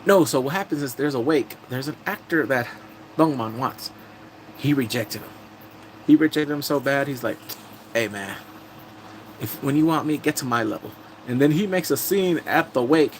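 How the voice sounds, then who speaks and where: On a live stream, a man casually recaps episodes of a TV drama with animated energy, acting out the characters' lines. His mid-range voice moves at normal speed, and the low-quality recording carries a little hiss or hum.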